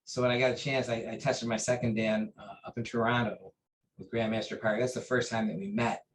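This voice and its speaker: A man recounting memories of his teacher in an interview, earnest and halting, with many fillers and restarts. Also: medium pitch, flat delivery, a little hiss or hum, poor audio. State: briefly choked up. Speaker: interview guest, taekwondo master. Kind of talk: conversational storytelling.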